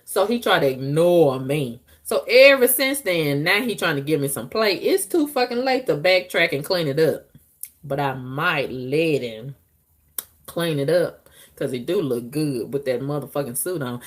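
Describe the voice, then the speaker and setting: A woman talking frankly to her viewers in a casual, profane monologue, breaking into loud squealing outbursts. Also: deep voice, expressive, measured pace. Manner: frank, profane, conversational drawl.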